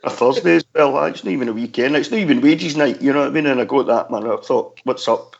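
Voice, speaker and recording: A man's voice: medium pitch, fast talker, gravelly. Scottish man, chatty fan-radio pundit, easy laugh, muffled lo-fi line. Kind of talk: casual chat. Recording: dull lo-fi audio.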